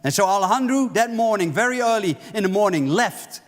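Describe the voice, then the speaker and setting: A man's voice: sits high, expressive, a little fast. A male pastor preaching a sermon, telling a story vividly and acting out the lines of its characters. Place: church sanctuary. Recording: reverberant church hall.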